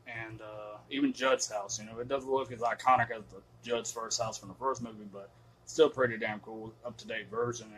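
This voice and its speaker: A man's voice: medium pitch, low-quality recording. A man giving a casual spoken film review, cursing often and rambling emphatically with many fillers. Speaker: movie reviewer.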